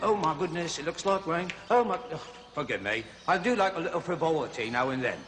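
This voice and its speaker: On a 1970s children's TV comedy, a man plays a jolly, bumbling jungle explorer hosting a zoo segment, chattering, amusing himself, and getting easily flustered in a jovial mood. His voice is a little high, animated, brisk, and fairly bright, with music and slight background noise behind him.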